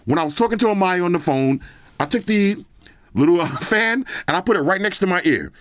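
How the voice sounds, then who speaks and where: A man's voice: sits high, lively intonation, a little fast, a bit bright, dry recording. A man casually reviewing earbuds on his channel, chatting straight to viewers in slang. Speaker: product reviewer. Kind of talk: casual tech review vlog.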